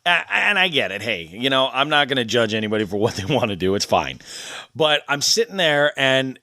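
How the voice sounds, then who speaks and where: A man's voice: mid-range voice, sing-song, brisk, pushed and bright, dry recording, clean studio sound. A male podcast host in casual chat, easygoing, laughing often and restarting his sentences.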